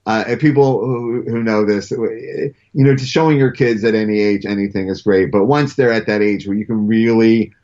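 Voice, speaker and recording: A man's voice: lowish voice, normal speed, hardly any pauses, a little mellow. A middle-aged man in casual chat as a guest, telling stories animatedly and often stammering and restarting his sentences. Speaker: comic book writer guest. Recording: dull lo-fi sound.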